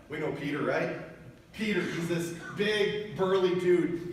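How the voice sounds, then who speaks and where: A male guest preacher delivering a storytelling sermon in a church, building to loud emphatic peaks. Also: high-pitched, a little hiss or hum. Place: church sanctuary. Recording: echoey church hall from far off.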